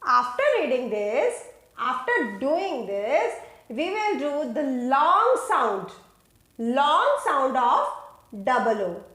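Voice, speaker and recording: A high-voiced woman teacher, stretching every word slowly and swinging her pitch up and down as she drills young children on phonics. She sounds like she is in a roomy, echoing space. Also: big pitch swings, fairly bright tone. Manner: slow, drawn-out, sing-song teacher voice that repeats words for kids.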